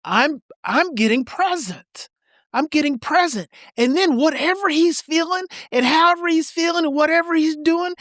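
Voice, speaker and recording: A man's voice: extremely high pitch, a bit bright, no echo. Middle-aged male podcast guest; emphatic, repetitive teacher's delivery; dry, close recording. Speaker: parenting expert guest. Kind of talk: podcast interview.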